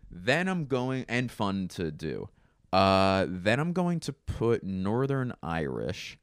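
A man with a low, smooth voice hosts a casual solo podcast, rambling loosely and swearing freely as he goes. He restarts his sentences often and leans on fillers. The recording is dry and close. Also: no echo. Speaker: podcast host.

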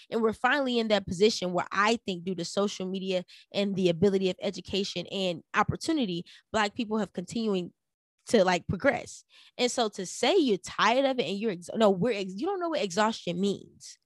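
Animated woman giving solo opinions. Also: mid-range voice, no echo, clean studio sound. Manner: animated, rhetorical questions, frequently addresses listeners directly. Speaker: podcast host.

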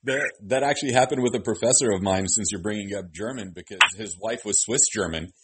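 A man interviewing a guest in relaxed, conversational chat, telling his own anecdotes along the way. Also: fairly low pitch, fast, slight background noise. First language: Arabic.

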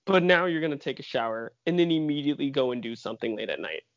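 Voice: mid-range voice, expressive, fast talker, over a noisy crowd. A podcast co-host in casual chat, exasperated and full of rhetorical questions. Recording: dry muffled lo-fi.

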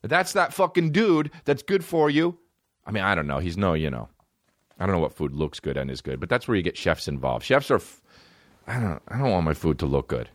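A man's voice: rumbling low, expressive, quick pace, no echo, studio quality. A man hosting a comedy podcast, riffing in a loose monologue and jumping into put-on voices. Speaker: podcast host. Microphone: studio microphone.

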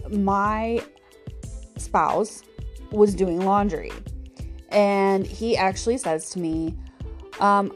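A woman's voice: mid-range voice, darkish tone. A woman hosting a podcast alone, chatting casually with many fillers and little laughs. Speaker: podcast host. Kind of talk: casual solo podcast monologue.

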